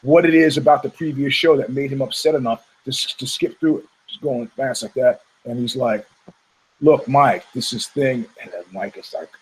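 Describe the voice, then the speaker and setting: An American podcast host tells a long story in a casual, profane style, acting out the people he quotes. His medium-pitched, husky voice is brisk with few pauses, and the recording is low quality.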